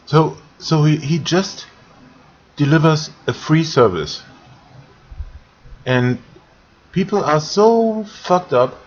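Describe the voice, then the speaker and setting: Grumpy German man ranting slowly. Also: on the high side, husky. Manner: grumpy, halting, repeats words and swears. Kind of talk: ranting monologue vlog. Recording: dull lo-fi recording.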